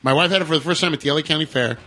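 A man's voice: on the high side, bright, forceful tone. Man, podcast host, joking, teasing, casual. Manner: joking, teasing, quick banter. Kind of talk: casual chat.

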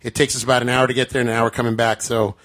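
A man hosting a podcast, chatting casually and quickly, often repeating his words. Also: medium pitch, little pitch movement, fairly bright tone. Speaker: podcast host.

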